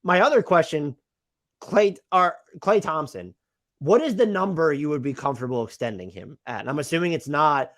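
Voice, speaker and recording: A man's voice: fairly high pitch, expressive, moderate pace, a bit bright. A man co-hosting a casual basketball podcast, asking questions in a conversational, hedging way. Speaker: podcast co-host. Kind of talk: casual basketball analysis chat.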